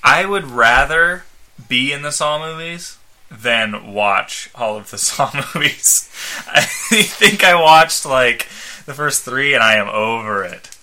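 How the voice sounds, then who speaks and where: A man on a comedy podcast, dry and deadpan in casual chat. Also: mid-range voice, slow. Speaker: podcast co-host.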